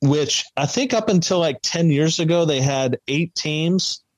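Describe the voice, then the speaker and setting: A man co-hosting a podcast in casual chat, recapping in a relaxed, hesitant way. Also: on the high side, unhurried, no room sound, low-quality recording. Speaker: podcast co-host.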